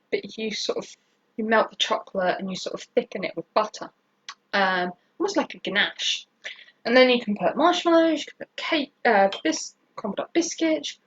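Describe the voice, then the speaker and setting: A woman's voice: a little high, husky. Rambling British woman hosting a bake-along. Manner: rambling, many fillers and restarts. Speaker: baking stream host. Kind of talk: casual live baking tutorial. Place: home kitchen. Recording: dull lo-fi stream audio.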